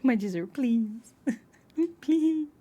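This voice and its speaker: High, lively woman streamer shrieking at a game. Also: extremely slow, slightly rough. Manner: shrieks and swears at the game, laughs often; chatty, reads and answers chat. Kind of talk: live gameplay commentary.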